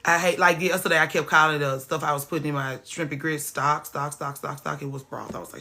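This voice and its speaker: Woman, podcast host, bright tone, emphatic and profane, casual rant. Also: low-pitched, steady tone, a little fast. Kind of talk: casual chat.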